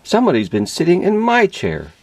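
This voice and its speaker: A man voicing a medium-sized storybook bear in a raised, prim, even voice. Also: high voice, brisk, no room sound, voice pushed up, heavily acted. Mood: puzzled.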